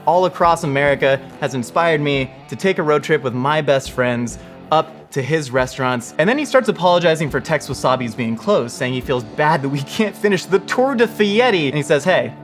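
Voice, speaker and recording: Man, storyteller, animated, slightly high voice, faint music behind. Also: fairly quick. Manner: lively, acts out quoted voices. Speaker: host telling a personal story.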